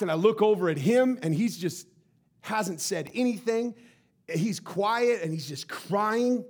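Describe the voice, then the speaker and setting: Pastor, male, high voice, animated sermon storyteller who stammers and repeats. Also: unhurried.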